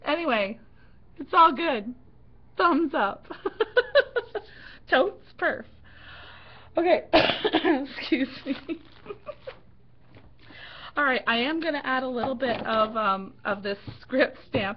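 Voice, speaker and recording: A woman's voice: fairly high pitch, takes it slowly, pauses often. A middle-aged woman hosting a casual craft livestream, giggling often as she tells a story while she works. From Canada. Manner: giggly, animated storyteller who laughs often. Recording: dull lo-fi stream audio with faint noise.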